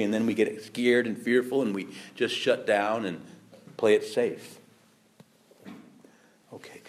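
A man, a priest, teaching fellow preachers in a lively storytelling way, acting out quoted voices and laughing along. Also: medium pitch. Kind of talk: teaching talk to clergy with anecdotes.

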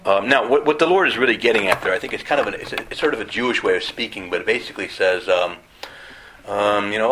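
A man's voice: lowish voice, quick pace, pushed and bright, a little hiss or hum, poor audio. A man teaching a conversational Bible study. He asks his listeners rhetorical questions and acts out quoted voices.

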